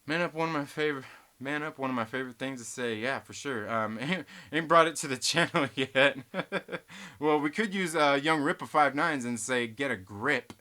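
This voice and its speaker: A man's voice: medium pitch, moderate pace, pushed and bright. A man hosting a live stream, reading viewer chat aloud and ranting with lots of swearing and laughter. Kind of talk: casual live stream rant.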